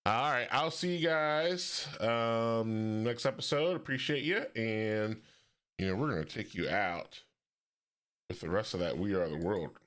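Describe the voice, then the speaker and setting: A man's voice: fairly low pitch, fairly bright tone. A man from hosting a casual solo podcast, rambling and correcting himself, with frequent chuckles. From Ohio. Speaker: podcast host.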